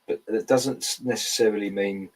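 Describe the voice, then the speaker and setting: A man with an Essex accent, calmly explaining things in a casual talk. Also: lowish voice, moderate pace, low-quality recording. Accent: Essex English. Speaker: podcast co-host. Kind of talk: casual conversation.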